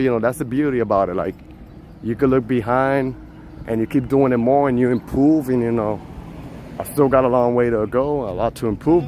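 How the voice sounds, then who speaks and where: A man live-streaming as he walks a city street outdoors, chatting to viewers in a relaxed way and laughing often, on a handheld phone. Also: medium pitch, a little hiss or hum. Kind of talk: walking live-stream chat.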